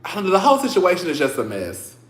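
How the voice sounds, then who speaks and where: A man's voice: sits high, wildly swooping pitch, quick pace, reverberant. A man hosting a podcast, chatting casually and rambling with lots of "like" and restarts. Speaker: podcast host. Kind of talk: casual commentary chat.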